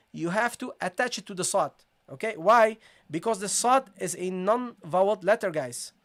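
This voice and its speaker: A Quran recitation teacher giving a live online tajweed lesson, patiently repeating syllables aloud and checking that viewers follow. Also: mid-range voice. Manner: addresses viewers as "guys" and checks understanding.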